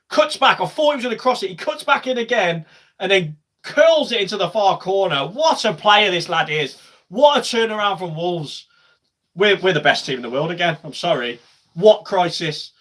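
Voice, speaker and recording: A young man with a bright, fairly high voice, talking through a live football match for his stream. He chats loosely to viewers, then bursts into loud, cheering shouts when play heats up. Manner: chatty, swings to loud shouting at goals. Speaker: football watch-along streamer. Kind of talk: live match watch-along commentary.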